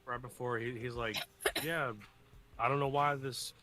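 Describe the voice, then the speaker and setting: Bright, rambling male chatter. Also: medium pitch, fairly even intonation, moderate pace, soft background music. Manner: joking, rambling. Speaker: guest in a group chat. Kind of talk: casual group chat.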